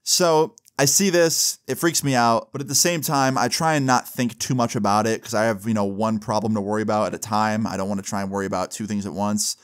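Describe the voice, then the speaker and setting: A young man tells a personal story casually and loosely, with profanity and frequent "like" and "right?" tag questions. His voice is on the low side with fairly even intonation, and he talks briskly with barely any pauses.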